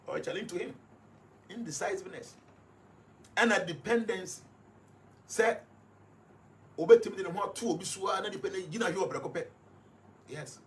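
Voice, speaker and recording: Ghanaian male commentator, slightly high voice, emphatic and repetitive, faint background noise. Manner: emphatic, repeats points to stress them. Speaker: guest analyst. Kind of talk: explanatory commentary.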